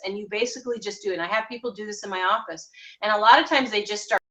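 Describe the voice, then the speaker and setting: A woman's voice: mid-range voice, very fast, a bit bright, distant mic, low-quality recording. A woman therapist, interviewed as a guest, earnestly giving advice with everyday examples.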